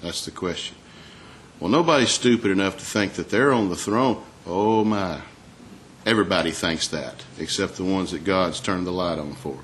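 A man preaching a sermon in a conversational way, asking the congregation rhetorical questions and reading scripture aloud more slowly. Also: low-pitched, fairly bright tone, slight background noise. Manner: reads scripture aloud in a slower, raised voice.

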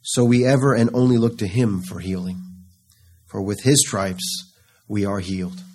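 A man preaching a sermon, reading scripture slowly and rising into fervent, pleading passages. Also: lowish voice, a little mellow, slightly rough. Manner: slow, rising to fervent pleading in quoted psalms.

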